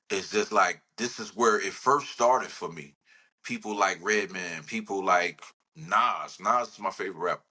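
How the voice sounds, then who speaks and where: A man's voice: low-pitched, sharp tone, breathy edge. A man, a rapper talking in a casual podcast interview, rambling and laid-back. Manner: laid-back, rambling, says "you know what I'm saying" often.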